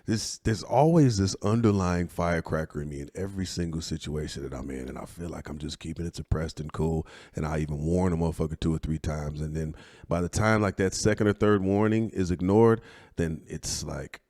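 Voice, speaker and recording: A man hosting a podcast in casual chat, blunt and profane, with quick agreeing fillers. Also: sits low, darkish tone, dry recording, studio quality. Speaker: podcast host.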